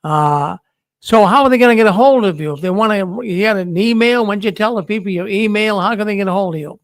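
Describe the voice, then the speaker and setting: A man's voice: high-pitched, fast, no echo. A man with a Boston accent hosting a call-in show, talking in a friendly, repetitive way with frequent stammering restarts. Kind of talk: casual call-in show chat.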